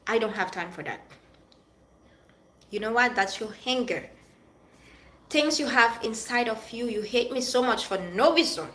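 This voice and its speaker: Higher-pitched woman venting in an echoey room. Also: expressive, unhurried, long pauses, pushed and bright. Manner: direct, addresses an absent friend. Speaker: vlogger. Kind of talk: emotional personal vlog rant. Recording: echoey room with faint noise.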